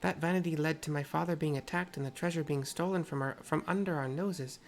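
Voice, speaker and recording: A gamer voicing an earnest young woman warrior who blames herself, in a put-on mixed accent, reading her lines measured and serious. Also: low voice, soft background music, voice pushed up.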